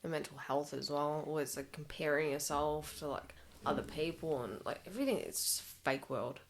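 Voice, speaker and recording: A young adult Australian woman hosting a casual podcast chat, telling stories in an animated, chatty way with frequent laughter. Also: low-pitched, fairly quick, slight background noise. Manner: animated, chatty storyteller who laughs often.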